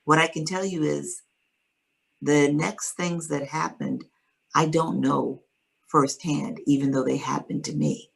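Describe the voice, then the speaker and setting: Low, gravelly-voiced woman telling her story. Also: a little slow, low-quality recording. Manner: calm, reflective retelling. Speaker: interview guest. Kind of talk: personal storytelling in an interview.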